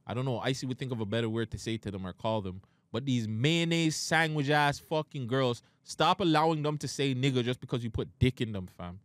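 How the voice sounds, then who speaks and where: A man's voice: mid-range voice, brisk, hardly any pauses, no echo. A young man, co-hosting a casual podcast and ranting in a heated, profane way. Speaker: podcast co-host.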